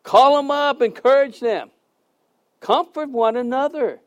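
A middle-aged man preaching a conversational sermon, telling stories with sudden loud and soft swings and repeating phrases for emphasis. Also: very high voice, a little slow. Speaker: pastor.

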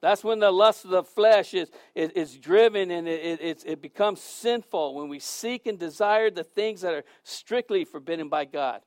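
Brief: male preacher, high voice, earnest, emphatic sermon delivery, dry close sound. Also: normal speed, few pauses, a little mellow, dry recording. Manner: earnest, emphatic, repeats words as he speaks.

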